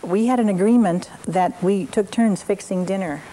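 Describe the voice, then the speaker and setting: A woman's voice: mid-range voice, moderate pace, dark tone, rough recording. An older woman leading an evening parenting class, telling stories and examples with frequent fillers.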